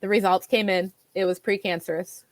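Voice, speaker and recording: A woman guest telling her own health story in a chatty, animated way, often restarting her sentences. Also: medium pitch, brisk. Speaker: guest, nutritional therapy practitioner. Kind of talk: conversational personal storytelling.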